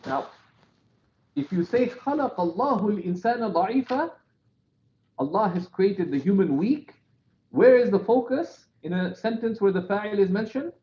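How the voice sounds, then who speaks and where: A man teaching from a classical text, explaining step by step, often checking with "right?", and reading quoted passages in quick bursts. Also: sits high, expressive, highs cut off. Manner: reads quotations in rapid bursts.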